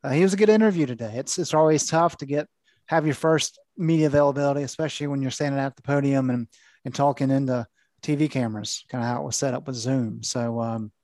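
A veteran male sports reporter explaining things calmly and at length on a podcast. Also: mid-range voice, no room sound. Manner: measured, thoughtful explainer. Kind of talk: casual sports analysis.

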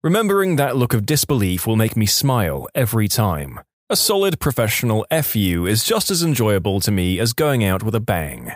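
Lively male story narrator. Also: lowish voice, fairly quick, no room sound, studio quality. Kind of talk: scripted narration of reader stories.

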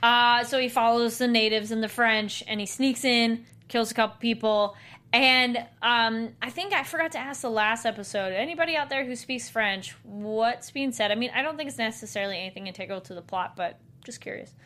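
A woman's voice: a little high, a little fast. A woman co-hosting a podcast, chatting casually about a TV episode, acting out lines and laughing often. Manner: animated, acts out quotes, laughs often. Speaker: podcast co-host. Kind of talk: casual chat recapping a TV episode.

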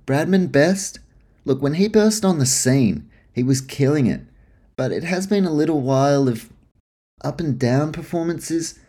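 A man's voice: mid-range voice, dark tone. A man hosting a casual sports talk show, blunt and frustrated, swearing freely as he gives his opinions on the teams. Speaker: sports podcast host.

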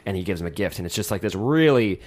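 Brief: male panelist, low voice, halting and self-conscious. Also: lively intonation. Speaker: film discussion panelist. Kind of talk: casual chat.

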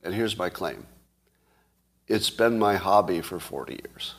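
A man in his fifties or older with a slightly husky, lowish voice hosts his own show, talking straight to his viewers. He is playfully boastful and fond of hyperbole. He deliberately moves between a slow, soothing calm and a faster, worked-up delivery. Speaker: show host. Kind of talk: casual monologue to viewers.

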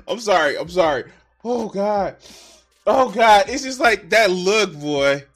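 A man's voice: high voice, animated, unhurried, fairly bright tone. A man live-streaming his reactions, playful, teasing and profane.

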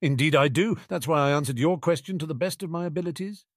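A man's voice: fairly high pitch, fast, dry recording, studio quality, pitched above the performer's own voice, close to an everyday voice. A man voicing a sarcastic, cheeky teenage boy wizard in a storybook reading, teasing and mock-dramatic. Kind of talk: audiobook character reading.

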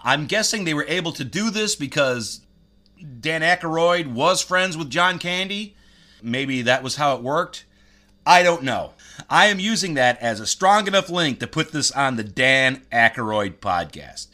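Eager, bright-voiced male podcast host. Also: on the high side, lively intonation, unhurried. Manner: earnest, eager recommending. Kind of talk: podcast monologue.

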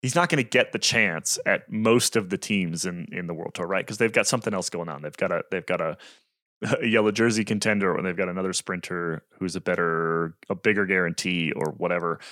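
A man's voice: low voice, brisk, a bit bright, no room sound, clean studio sound. A man co-hosting a cycling podcast, chatting casually and chuckling through his points. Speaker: podcast co-host.

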